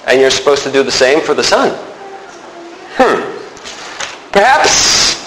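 Guy preaching a sermon, bouncy animated delivery, echoey church room. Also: mid-range voice, unhurried. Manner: animated, acts out the quoted voices. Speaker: pastor. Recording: roomy hall reverb, faint noise.

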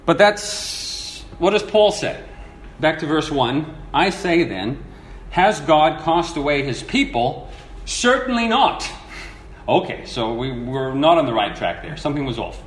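A man preaching a sermon, telling a parable and reading verses in an animated, storytelling way, acting out the quoted voices. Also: fairly high pitch, normal speed, slight background noise. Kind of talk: sermon teaching. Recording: echoey room with faint ambience.

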